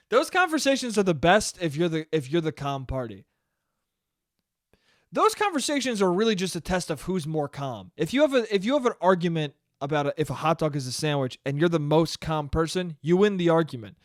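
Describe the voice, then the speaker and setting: A man's voice: a little high, animated, moderate pace, no echo, studio quality. A young man hosting a solo comedy podcast, ranting animatedly with profanity and acting out little bits of dialogue. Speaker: podcast host.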